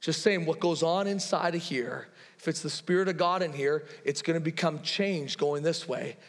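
A man in his thirties, a pastor, preaching a sermon in a relaxed, conversational way, telling personal stories with quoted dialogue. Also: a little high, normal speed, in a large hall.

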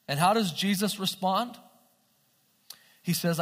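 Man, preacher, high voice, animated sermon, long hall reverb. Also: moderate pace. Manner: animated, asks the audience questions.

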